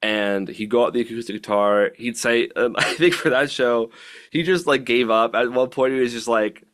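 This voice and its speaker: A man's voice: medium pitch, moderate pace, fairly bright tone. A young adult man, a touring musician guest, telling stories in casual chat with jokey asides and frequent laughter.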